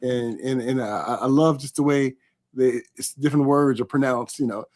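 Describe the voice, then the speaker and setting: Male host, chatty, mid-pitched, reads viewer comments aloud on a live interview. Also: steady tone, moderate pace, darkish tone. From California.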